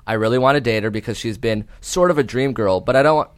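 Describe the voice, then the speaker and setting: A man's voice: mid-range voice, fast talker, clean tone, no echo, clean studio sound. A man co-hosting a casual comedy podcast, laughing often and reading listener letters aloud in a playful way.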